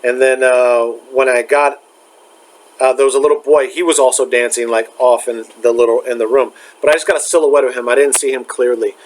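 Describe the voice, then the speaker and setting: A young man talks casually, circling back and restarting often. His voice sits at an ordinary middle pitch, and his story comes out halting and searching, thick with fillers. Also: fairly even intonation, poor audio. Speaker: spiritual vlogger.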